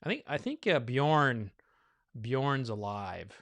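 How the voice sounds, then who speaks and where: A man's voice: mid-range voice, sing-song, slow pace, gravelly, a bit bright, dry recording. A man hosting a bourbon tasting, chatting loosely and thinking aloud with many fillers, a little winded from all the talking. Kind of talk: casual live tasting chat.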